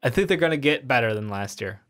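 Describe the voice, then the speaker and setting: A man's voice: medium pitch, animated, quick pace, fairly bright tone. A young man co-hosting a sports podcast, joking and confident in casual chat. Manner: confident, bold predictions, joking. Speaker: podcast co-host.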